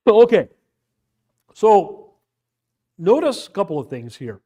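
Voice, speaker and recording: A man's voice: high voice, very animated, takes it slowly, warm tone. A man teaching an informal Bible class, talking conversationally, asking rhetorical questions and acting out quotes. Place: church classroom.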